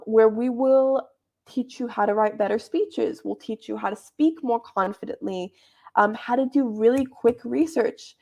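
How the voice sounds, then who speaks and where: A young woman leads a debate club session, chatting informally as she explains how debates are judged. Her voice is fairly high, with vocal fry and a slightly mellow quality.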